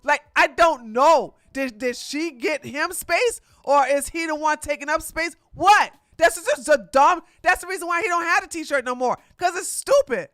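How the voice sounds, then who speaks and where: A woman's voice: sits high, moderate pace, hardly any pauses, fairly bright tone, no room sound, studio quality. A streamer, likely a woman, giving rambling, mocking reaction commentary.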